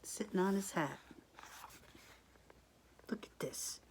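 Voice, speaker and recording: A woman teacher reading a picture book aloud to children, expressive, gasping and asking the listener questions. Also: medium pitch, slow, gravelly, in a whisper.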